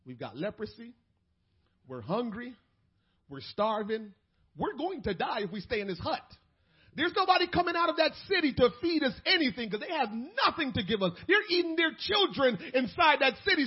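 Male pastor, very high and husky, sermon delivery with quiet asides and shouted climaxes, muffled audio. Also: big pitch swings, normal speed. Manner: swings from quiet asides to shouted, preachy peaks.

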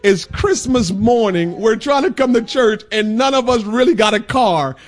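A man preaching a sermon in a church, swinging between shouted preaching and quiet talk. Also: very high-pitched, lively intonation, normal speed. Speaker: pastor. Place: church sanctuary.

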